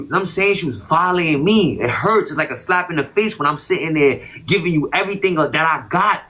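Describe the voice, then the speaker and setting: Casual male interview guest, bright and forceful tone, repeats himself, slangy and defensive. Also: fairly high pitch, expressive, fast, hardly any pauses. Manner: emphatic, repetitive, slangy and defensive.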